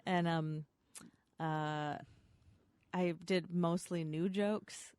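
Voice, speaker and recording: A woman's voice: fairly low pitch, fairly even intonation, drawn-out words, a little mellow, clear, resonant tone, no echo, studio quality. A woman comedian appearing as a podcast guest, chatting and joking casually with frequent laughs. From Twin Cities, USA. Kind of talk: casual chat.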